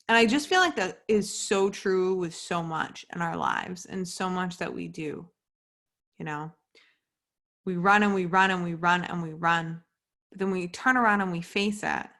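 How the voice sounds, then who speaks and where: Young woman podcast host, slightly low voice, loose candid chat, swears freely. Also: a bit bright. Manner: chatty, many "like" fillers, candid and swearing. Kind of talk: casual solo podcast monologue. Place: home at night.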